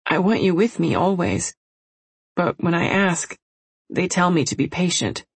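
A woman's voice: fairly low pitch, lively intonation, measured pace, slightly rough, no room sound, pitched above the performer's own voice, exaggerated voice. A woman reading an audiobook voices a frightened young girl who begs and trembles. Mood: sleepy. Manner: begging, trembling.

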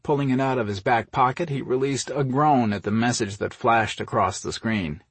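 A man reading a novel aloud in a steady, measured storytelling voice. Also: medium pitch, breathy edge, dry recording. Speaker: audiobook narrator. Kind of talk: scripted narration.

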